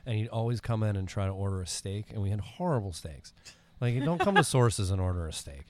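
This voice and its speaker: A man's voice: fairly low pitch, animated, quick pace, darkish tone. A male podcast host in casual chat, telling profane bar stories and mimicking customers. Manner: storytelling, swears freely, mimics people.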